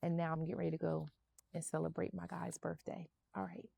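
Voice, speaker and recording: Gravelly-voiced woman giving faith affirmations. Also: on the low side, flat delivery, brisk, dark tone, no room sound. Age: 50s. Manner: encouraging, repeats affirmations. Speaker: vlogger. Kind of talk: faith-based motivational vlog. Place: outdoors, seated.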